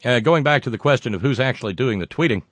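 A man's voice: medium pitch, lively intonation, quick pace, no echo. An older American man hosting a casual show, reading listener mail aloud with wry, digressive asides.

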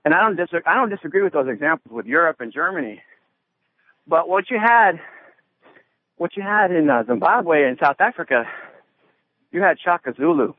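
A man's voice: on the high side, big pitch swings, moderate pace, long pauses, dry recording. A man calling in to a radio show while working out, a little out of breath. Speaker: radio caller. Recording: tinny phone line.

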